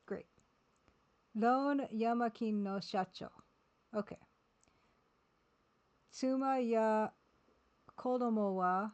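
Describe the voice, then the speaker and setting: A woman streaming a game live, talking casually and haltingly as she sounds out words one by one. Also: on the high side, darkish tone.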